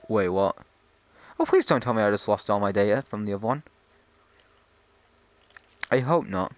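A man's voice: fairly low pitch, clear, resonant tone. Chatty jokey gamer man. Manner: chatty, jokey, easily startled. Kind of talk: casual gameplay commentary.

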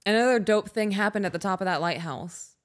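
A woman's voice: mid-range voice, fairly quick. Emotional, candid woman podcaster. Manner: candid, emotional, swears freely. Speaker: podcast co-host. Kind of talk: casual chat.

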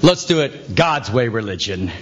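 A man preaching a sermon, telling stories with animated acted-out scenes and asking his listeners for assent. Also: mid-range voice, normal speed, muffled recording. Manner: animated storytelling, acts out scenes, asks the crowd for assent. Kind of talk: sermon with anecdotes.

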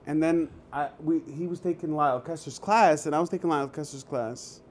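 A male actor telling a casual story on a video call, animated and loose, swearing freely and acting out what he said. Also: fairly high pitch, brisk, slight background noise. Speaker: actor, guest.

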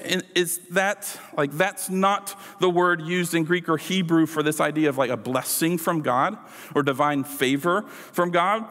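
A man's voice: high-pitched, a bit bright. A man preaching a sermon in a casual, conversational way, with playful asides to the congregation. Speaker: pastor. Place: church sanctuary. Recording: church hall reverb.

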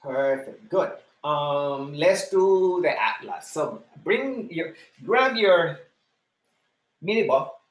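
A man's voice: a little high, animated, slow pace, echoey room. A man leading a live online exercise class, counting repetitions, cueing breathing and encouraging students by name. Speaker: fitness instructor.

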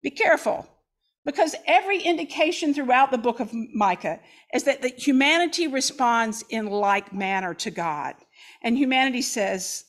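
A woman's voice: high-pitched, animated, moderate pace, fairly bright tone. A woman pastor preaching a sermon, reading scripture dramatically with folksy asides.

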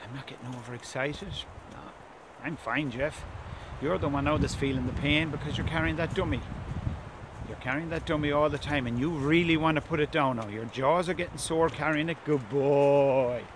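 A middle-aged man, a gundog trainer, calmly explaining an outdoor training session and talking softly to his dog. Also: a little high, a little fast. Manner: calm, speaks softly to the dog between explanations. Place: outdoors in a field or lane. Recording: windy outdoor recording with loud background noise.

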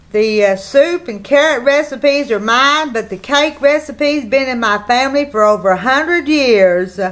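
Chatty Southern country woman. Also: a little high. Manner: chatty, folksy, talks straight to viewers. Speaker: channel host. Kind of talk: casual mail-opening vlog.

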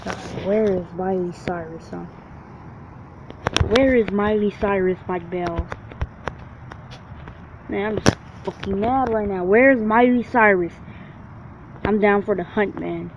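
A man's voice: sits high, slow, vocal fry, pauses often. A man giving brash, trash-talking gameplay commentary full of swearing. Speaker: gamer. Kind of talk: profane let's-play commentary. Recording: dull lo-fi recording with faint hiss.

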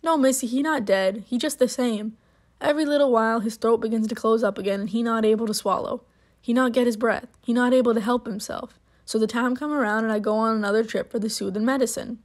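Storybook elder, read by a woman: dignified, solemn, slow stiff dialect. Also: on the high side, a little mellow, natural voice.

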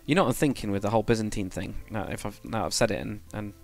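A man's voice: fairly low pitch, very fast, vocal fry, soft background music. A man chatting casually to viewers on a live stream, rambling and correcting himself as he goes. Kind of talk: casual live-stream chat while building.

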